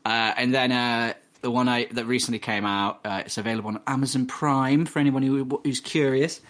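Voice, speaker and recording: A British man on a casual podcast, talking in a loose, rambling way full of ums and uhs. His voice sits at an ordinary middle pitch, and he laughs often between thoughts. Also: fairly even intonation, brisk, fairly bright tone. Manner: rambling, filler-heavy, laughs easily. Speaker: podcast co-host. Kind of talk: casual chat.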